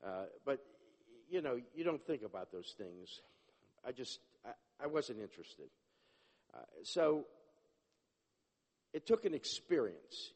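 A man giving a personal testimony, animated and acting out the dialogue, often restarting his sentences. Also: mid-range voice. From Jewish upbringing, not a place. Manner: animated, acts out dialogue, self-interrupting. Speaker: testimony speaker. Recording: long hall reverb.

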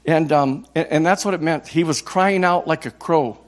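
A man in his sixties from Minnesota, an evangelist preaching a passionate sermon, repeating words and building to loud cries. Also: a little high, moderate pace.

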